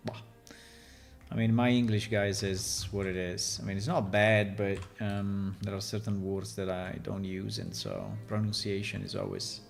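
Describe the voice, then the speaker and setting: A man's voice: on the low side, fairly even intonation, a little slow, vocal fry, faint music behind. A man from Italy with an Italian accent, rambling and joking with his chat in a casual live stream while he works on a game.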